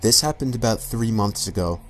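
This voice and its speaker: Low-voiced man narrating a horror story. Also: moderate pace. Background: faint background music.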